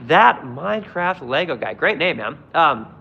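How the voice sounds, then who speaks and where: Streamer, male, gritty and raised in pitch, blunt and foul-mouthed, ranting at chat from a phone. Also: big pitch swings, unhurried, gravelly, husky, dull audio. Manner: swears constantly, blunt and heated. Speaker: live streamer answering chat. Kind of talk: angry profane political rant.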